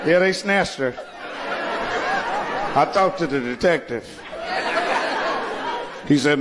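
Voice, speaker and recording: Laughing comedian over a roaring crowd. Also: male voice, on the high side, slow, long pauses, roomy sound, very noisy. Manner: laid-back, laughing through his story. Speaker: stand-up comedian. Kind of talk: stand-up routine. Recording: live show with loud crowd.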